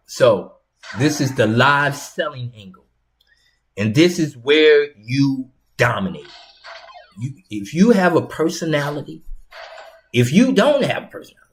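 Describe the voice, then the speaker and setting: A man's voice: mid-range voice, slight background noise. A man hosting his own show, talking casually and rambling with repeated words and slang. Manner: rambling, repetitive, conversational with slang. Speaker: host. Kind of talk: casual instructional monologue.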